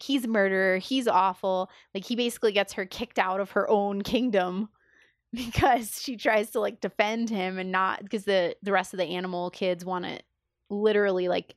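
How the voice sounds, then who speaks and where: A woman's voice: mid-range voice, no room sound, clean studio sound. A woman in casual podcast chat, talking enthusiastically with lots of fillers and acting out quoted lines. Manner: enthusiastic, filler-heavy, acts out quoted dialogue.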